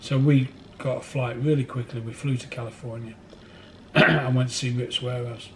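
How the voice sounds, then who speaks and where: A man's voice: medium pitch, fairly even intonation, moderate pace, a little hiss or hum. A man being interviewed in a record warehouse, rambling through anecdotes and laughing as he tells them. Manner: rambling, laughs through his stories, acts out other people's voices. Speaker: record collector telling stories.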